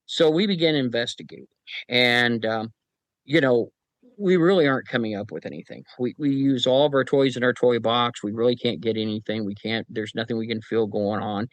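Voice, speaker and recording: A man working as a paranormal investigator, telling anecdotes as a podcast guest in a relaxed way with wry humor. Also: mid-range voice, brisk, no echo, rough recording. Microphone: podcast microphone.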